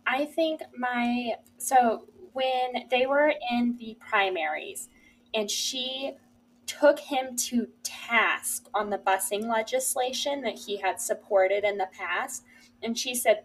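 A young woman co-hosting a podcast in casual chat, earnest and enthusiastic, often saying how excited she is. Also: fairly high pitch, slow pace, a little hiss or hum, low-quality recording. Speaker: podcast co-host.

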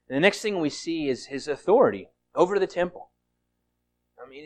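A man preaching a sermon in a conversational way, often restarting and acting out quoted speech. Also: a little high. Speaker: pastor.

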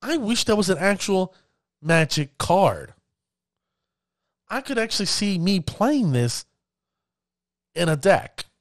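Guy ranting about card games, voice jumps all over, pretty high, dry close mic. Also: takes it slowly, pauses often, no room sound. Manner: animated, addresses viewers as ladies and gentlemen, acts out players' reactions. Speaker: card game content creator. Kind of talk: casual commentary to camera.

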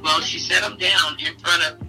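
A middle-aged woman, interviewed as a mother, telling fond family memories in an animated way and laughing often. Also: low-pitched, moderate pace, soft background music. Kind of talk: casual storytelling in an interview. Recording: voice heard from a distance.

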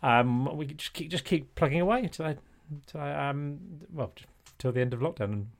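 A man's voice: on the high side, normal speed, gravelly. A man co-hosting a podcast in casual chat, talkative and self-mocking, often laughing. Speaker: podcast co-host.

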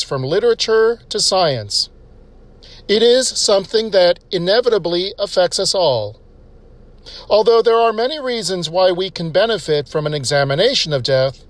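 A man reading a scripted joke and short essay, lifting his voice for the characters' lines. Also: dry recording. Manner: steady storytelling, voicing characters with raised pitch.

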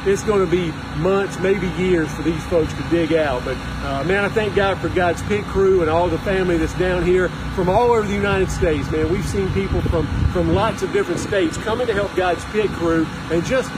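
A man's voice: sits high, normal speed, hardly any pauses. Earnest man reporting outdoors amid traffic. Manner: earnest, folksy, with fillers. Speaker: ministry volunteer reporting from a storm area. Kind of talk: on-location video report. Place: storm-damaged neighborhood outdoors. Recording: loud outdoor traffic noise.

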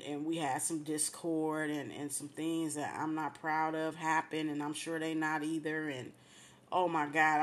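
A woman's voice: low-pitched, slight background noise. Emotional woman radio host giving testimony. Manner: heartfelt, religious, repeats praise phrases. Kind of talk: emotional personal testimony on air.

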